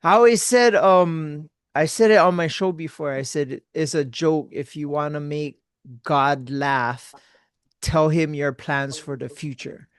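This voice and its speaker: A man's voice: fairly high pitch, steady tone, a little slow, clean tone, no echo. A man hosting a podcast, laid-back and encouraging, with casual slang. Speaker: podcast host.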